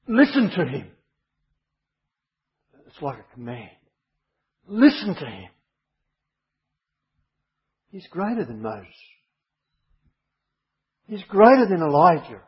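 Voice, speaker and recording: A man delivers a sermon in a slightly high, husky voice, driving points home by repeating them. The recording is dull and muffled. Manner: emphatic, repeats key phrases. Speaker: preacher.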